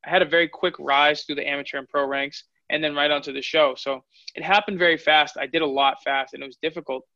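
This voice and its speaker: A man's voice: on the high side, steady tone, fast, sharp tone, no echo. A man in his twenties, a fighter, telling his story candidly in an interview. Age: 20s. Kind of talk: interview answers. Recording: dull lo-fi audio.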